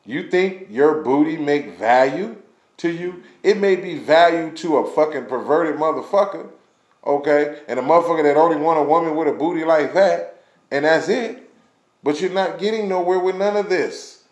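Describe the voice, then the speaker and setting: A man's voice: on the high side, normal speed, echoey room. A man delivering a blunt, passionate rant full of profanity, as in a recorded vlog. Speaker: vlogger ranting on camera.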